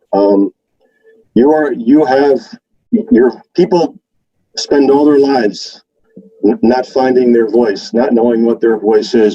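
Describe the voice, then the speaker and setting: A man's voice: medium pitch, dark tone, breathy edge, lo-fi sound. A man teacher giving proud, encouraging closing words to his students. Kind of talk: closing remarks.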